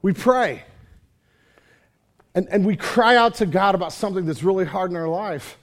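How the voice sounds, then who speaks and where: Animated male pastor with a slightly high voice. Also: normal speed. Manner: conversational, asks the congregation questions; animated, acts out his own complaints to God. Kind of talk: sermon. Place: church service.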